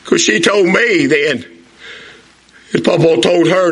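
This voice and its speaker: A pastor in his sixties preaches a sermon in a folksy call-and-response style. His voice is bright and sits fairly high for a man. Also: slow, slight background noise.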